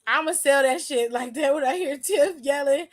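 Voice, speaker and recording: A woman's voice: high voice, normal speed. A woman hosting a casual wrestling recap, talking in a sassy, profane, slangy way.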